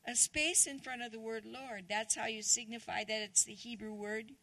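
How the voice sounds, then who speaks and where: A woman's voice: a little high, steady tone, moderate pace, pushed and bright. A woman guest preacher giving a chatty, conversational sermon, often asking the congregation questions.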